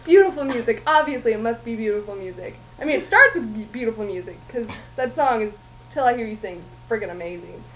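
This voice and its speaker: A young woman with a high voice riffs sarcastically through a recap, laughing as she rambles on. It sounds like a late night at home, with a faint hiss behind her. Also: lively intonation, fairly quick, pushed and bright, low-quality recording. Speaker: storyteller among roommates. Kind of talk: casual sarcastic plot recap.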